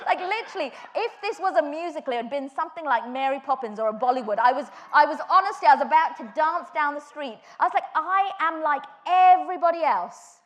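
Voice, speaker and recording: A woman with a high, bright-pitched voice delivers a sermon. She tells personal stories with animation and builds her points to fervent emphasis. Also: expressive, fast talker, hardly any pauses. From England. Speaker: preacher.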